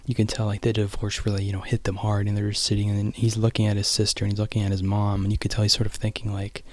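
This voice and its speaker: A man's voice: lowish voice, monotone, fast talker, few pauses, dry recording. A man casually rambling through a film retelling, full of "you know" and "like".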